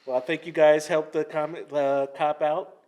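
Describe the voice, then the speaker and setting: Brief: male podcast host, raised pitch, relaxed and meandering delivery. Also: moderate pace. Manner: easygoing, hesitant with filler uhs. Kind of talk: casual podcast chat.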